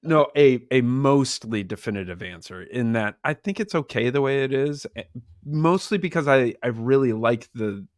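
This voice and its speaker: An American man co-hosting a podcast in casual chat, easygoing and quick to laugh. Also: mid-range voice, animated, no echo, clean studio sound. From United States. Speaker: podcast co-host.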